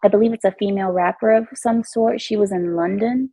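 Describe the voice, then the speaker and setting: A woman's voice: mid-range voice, fairly even intonation, a little fast, mellow, dry recording, low-quality recording. A woman giving chatty, emphatic commentary on her vlog at home. She often repeats herself and laughs. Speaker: vlogger. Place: at home in her new house.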